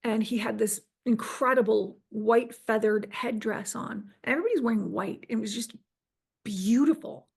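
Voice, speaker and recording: Middle-aged woman guest, higher voice with a gravelly fry, recounting her experience earnestly. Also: normal speed, hardly any pauses. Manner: earnest, restarts and quotes herself. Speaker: interview guest. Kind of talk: personal storytelling.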